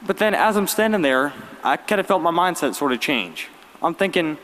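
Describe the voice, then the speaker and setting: A young man, giving a graduation speech as valedictorian with lively storytelling and wry humor. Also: on the high side, normal speed. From Virginia, US. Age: late teens. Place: large arena. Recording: long arena reverb.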